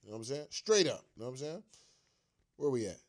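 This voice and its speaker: He has a medium-pitched, sing-song voice that moves fast and sounds a little mellow. Still, this sports rant vlogger is upset and frustrated, delivering a fired-up fan rant on his own show with profanity, slang, repetition and disbelieving laughs.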